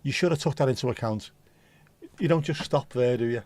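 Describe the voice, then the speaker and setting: A man's voice: mid-range voice, fairly quick, darkish tone, no echo. A tired man hosting a casual livestream, rambling and reacting to chat with the odd swear word. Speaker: livestream host.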